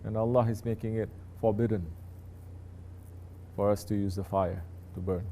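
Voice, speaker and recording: Guy preaching to his students, mellow voice, talks to them directly, pretty relaxed. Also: lowish voice, a little hiss or hum. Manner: slow, conversational teaching with asides to listeners. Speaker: sheikh teaching disciples. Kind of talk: sermon.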